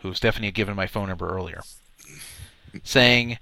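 Male radio host, casual storytelling, rambling, repeats words, bright tone, dry studio sound. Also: fairly low pitch, fairly quick, creaky, no echo.

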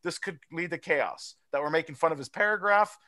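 A man with a high, bright voice hosts a loose podcast conversation. He talks in an animated, rambling way, swearing freely as he argues his point. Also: fairly quick. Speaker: podcast host. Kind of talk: casual chat.

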